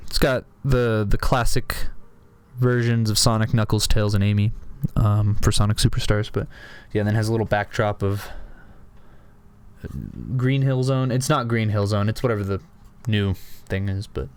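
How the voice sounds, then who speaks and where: A man's voice: on the low side, fairly even intonation, moderate pace, clean tone. A young man with a sore throat, rambling casually at his desk about items he collects, full of restarts and fillers. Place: home room at a desk.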